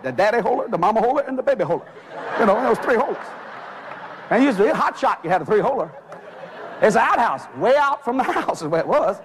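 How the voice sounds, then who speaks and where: A high-pitched preacher man telling a story from the pulpit. His voice swings wildly up and down as he shouts out the lines of the people he quotes. A faint hum of room noise sits behind him. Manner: animated, shouting quoted voices, laughing along. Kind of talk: storytelling sermon.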